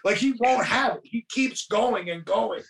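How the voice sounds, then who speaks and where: Swearing high-voiced male storyteller. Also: unhurried, vocal fry, a little hiss or hum, rough recording. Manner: heavy swearing, animated storytelling. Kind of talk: casual chat, retelling a film plot.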